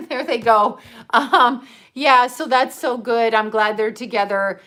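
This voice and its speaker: A woman's voice: fairly high pitch, fairly bright tone. A woman hosting a casual livestream, chatting and rambling with frequent laughs. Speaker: livestream host.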